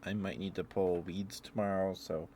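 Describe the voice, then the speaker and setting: A man streaming ASMR from home, chatting softly and giggling as he greets viewers by name, close to the mic. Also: deep voice, flat delivery, moderate pace, slight background noise. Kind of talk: soft-spoken ASMR live stream chat.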